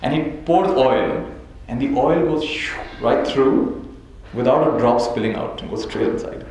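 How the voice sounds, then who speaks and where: A man's voice: mid-range voice, unhurried, a little mellow. A man teaching a live audience as a spiritual teacher, telling stories, chuckling often and checking in with "right?". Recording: very echoey hall, faint noise.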